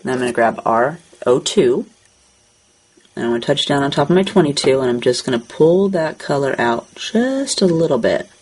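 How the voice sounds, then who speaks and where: A woman hosting a craft tutorial, calmly narrating each coloring step as she works. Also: very deep voice, normal speed, a little hiss or hum, rough recording.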